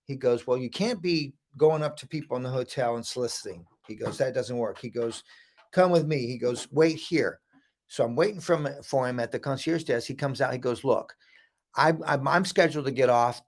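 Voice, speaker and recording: Middle-aged guy with a gravelly voice, animated storyteller doing everybody's voices. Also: medium pitch, brisk. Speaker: guest. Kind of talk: storytelling interview.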